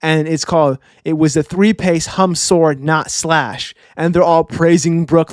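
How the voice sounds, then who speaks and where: A man reviewing a manga chapter in loose, excitable slang, forever tossing in a quick "all right?". His voice sits a bit high, and the recording is dry and close with no room sound. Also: no room sound. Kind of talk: casual reaction commentary.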